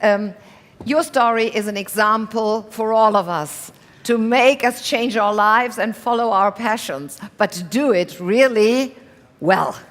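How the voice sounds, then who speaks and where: A woman's voice: on the high side, takes it slowly, fairly bright tone. A woman moderating a live stage event, speaking enthusiastically to the audience. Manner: enthusiastic, addresses the audience, switches into German. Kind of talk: event hosting. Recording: long hall reverb, faint crowd.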